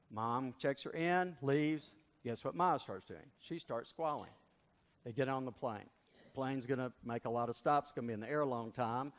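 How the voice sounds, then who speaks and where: A male pastor preaching a sermon and telling a story in an animated way. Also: medium pitch. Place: large church. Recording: long reverb of a large church.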